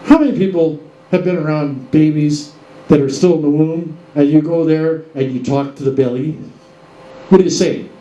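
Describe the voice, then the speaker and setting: A man's voice: on the high side, fairly even intonation, normal speed, dark tone, roomy sound, highs cut off, a little hiss or hum. A man hosting a casual monologue, firing rhetorical questions at the listeners and addressing them as folks. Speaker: show host.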